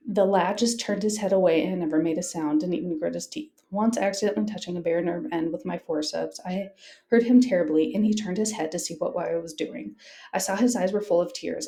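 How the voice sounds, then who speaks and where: Low, mellow-voiced woman reading aloud. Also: creaky, roomy sound. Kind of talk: reading a wartime diary aloud.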